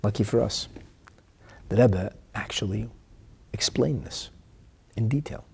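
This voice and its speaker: A man teaching a religious lesson, emphatic, swinging between loud declaiming and hushed whispers, often asking rhetorical questions. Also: lowish voice, a little slow, gravelly, breathy edge. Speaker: Torah teacher.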